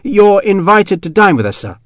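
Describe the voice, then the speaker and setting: A man's voice: high voice, big pitch swings, normal speed, no room sound, clean studio sound, voice pushed up. A man playing a nervous, deferential young captain who talks politely and eagerly, in an audiobook reading.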